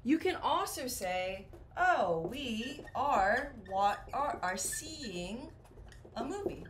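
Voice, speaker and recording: A woman's voice: fairly high pitch, very animated, very slow, a little hiss or hum. A woman teaching a beginner English lesson, playful and acting out little example dialogues.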